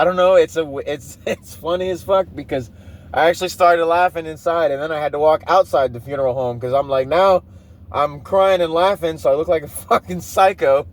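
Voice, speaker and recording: 30s guy rambling and cursing, laughs a lot, slightly higher voice, recorded outside by traffic. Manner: rambling, profane, often laughing. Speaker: podcast host. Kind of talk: casual monologue.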